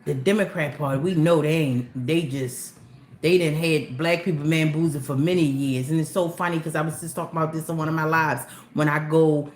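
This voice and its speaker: A woman's voice: deep voice, steady tone, fairly quick. A woman with a Baltimore accent talking earnestly on her own livestream, rambling and repeating herself for emphasis. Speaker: livestream host. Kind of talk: casual livestream monologue. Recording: roomy echo with faint background noise.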